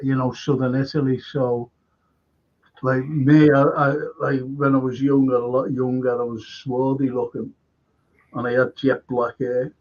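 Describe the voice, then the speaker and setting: A livestream host chats casually at a measured pace in a mid-range, fairly monotone voice, telling rambling anecdotes with many restarts. The stream audio is dull and lo-fi.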